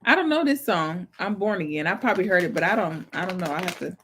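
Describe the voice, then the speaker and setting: Lively woman telling family stories. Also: lowish voice, fast talker, slight background noise. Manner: lively storytelling, breaks into song. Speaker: vlog host. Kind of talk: casual chat.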